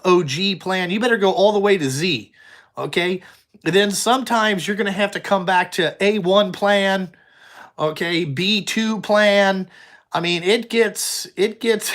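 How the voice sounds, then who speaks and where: Young trucking boss, fairly high-voiced man, blunt and profane, rambling live chat with viewers. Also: fairly bright tone. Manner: blunt, heavy swearing, rambling. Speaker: trucking company owner. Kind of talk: casual livestream chat answering viewers.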